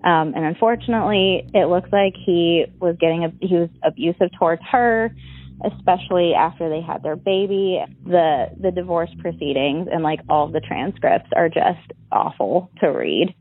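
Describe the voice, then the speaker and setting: A woman's voice: fairly low pitch, normal speed, breathy edge, no room sound, narrow, tinny audio. A young adult woman recounting her own story as a guest, rambling and stacking up "like" fillers. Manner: rambling, many "like" fillers, restarts. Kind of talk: personal account in an interview.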